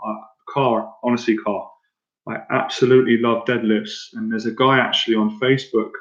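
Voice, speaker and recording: An Irish man in his thirties, a confidence coach talking casually to viewers on a livestream, excitable and rambling with lots of fillers and restarts. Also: medium pitch, moderate pace. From Ireland. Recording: echoey room, dull lo-fi sound.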